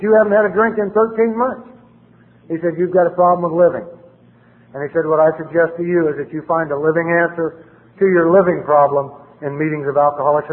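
A middle-aged man with a blunt, plain-spoken manner, sharing his recovery story at a meeting. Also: on the high side. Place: meeting hall. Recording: tinny lo-fi recording in a reverberant hall.

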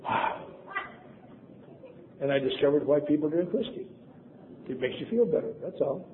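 A man's voice: on the high side, animated, moderate pace. An older man from Wisconsin telling a personal story with wry, self-deprecating humor. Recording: tinny phone-like sound, faint noise.

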